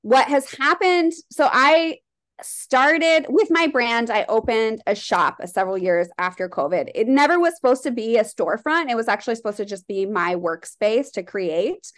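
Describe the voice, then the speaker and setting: A woman's voice: a little high, lively intonation, normal speed. A woman from Colorado, a shop owner and artist, talking candidly in a casual interview, rambling with lots of "like". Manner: rambling, heavy use of "like", candid.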